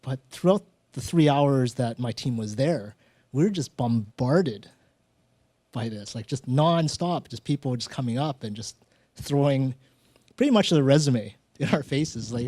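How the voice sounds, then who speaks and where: A man hosting a live storytelling event on stage, talking in a relaxed, conversational way and acting out little exchanges from his own stories. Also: mid-range voice, moderate pace, dry recording. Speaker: host of a live storytelling show.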